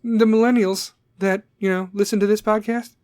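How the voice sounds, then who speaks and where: A man's voice: sits high, level tone, normal speed, a little mellow, clear, resonant tone, no echo, studio quality. A man in his forties hosting a solo comedic podcast, swearing constantly as he rambles in a sarcastic rant. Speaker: podcast host.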